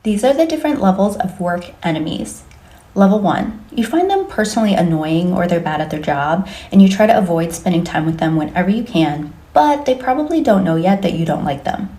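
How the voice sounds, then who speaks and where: A woman's voice: lowish voice, expressive, fairly quick, warm tone. A woman running through a wry, list-like explainer to camera. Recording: echoey room.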